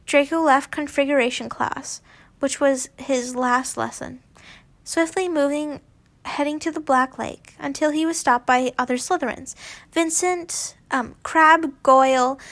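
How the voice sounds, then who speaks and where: A woman's voice: high-pitched, unhurried, fairly bright tone. A woman reading a fanfiction story aloud, stumbling over words and breaking off with giggly asides. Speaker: fanfiction reader.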